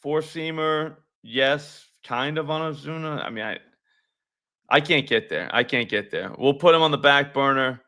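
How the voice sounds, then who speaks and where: A man's voice: mid-range voice, normal speed, pushed and bright. A man hosting a live sports betting stream, chatting loosely and profanely with viewers. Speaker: sports betting show host. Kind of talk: casual live-stream chat.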